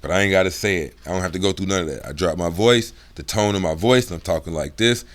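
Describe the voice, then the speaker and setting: A middle-aged man with a lowish voice talks loosely to camera in street slang. He drifts between an easy drawl and a deeper, heavier tone when he gets serious, sometimes acting out how other people talk. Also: fast talker. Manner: laid-back slangy, acts out voices, drops low for serious. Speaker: video host.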